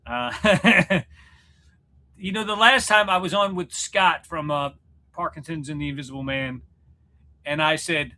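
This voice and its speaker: A man's voice: a little high, unhurried, long pauses, sharp tone. A man, chatting casually on a livestream. He rambles and jokes at his own expense. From Missouri, USA. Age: 40s. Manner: rambling, self-deprecating, joking. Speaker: livestream host chatting with viewers. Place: room at home, in front of a mirror.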